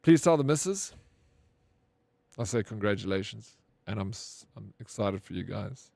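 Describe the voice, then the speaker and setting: A man's voice: on the low side, lively intonation, normal speed, vocal fry, warm tone, dry recording. Rambling man streaming, dry sound. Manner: rambling, swears casually, says "bro" a lot. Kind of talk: casual stream chat, reading chat aloud.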